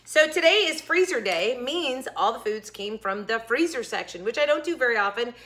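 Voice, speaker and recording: A middle-aged woman hosting a casual food review vlog, chatty and jokey, with quick asides that sometimes drop to a whisper. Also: fairly high pitch, lively intonation, sharp tone. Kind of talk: casual chat to camera.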